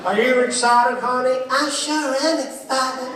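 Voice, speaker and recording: A man doing shrill whooping American cruise crowd. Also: steady tone, measured pace, noisy background. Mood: gushing. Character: loud excitable American cruise passengers. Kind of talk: stand-up comedy impression. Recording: echoey theatre from far off.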